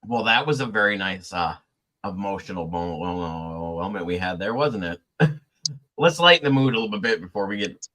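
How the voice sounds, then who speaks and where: Young man hosting a chat, lively pitch, bright tone, stammering and laughing. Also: moderate pace. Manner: animated, stammering, laughs often. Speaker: podcast host. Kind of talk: casual chat.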